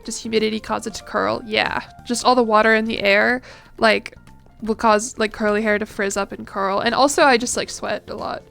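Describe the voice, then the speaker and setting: A woman's voice: a little high, steady tone, moderate pace, vocal fry, a bit bright, soft background music. A young American woman chatting casually on a game stream, reading chat aloud with a chatty, self-deprecating manner. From United States. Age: young adult. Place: home room.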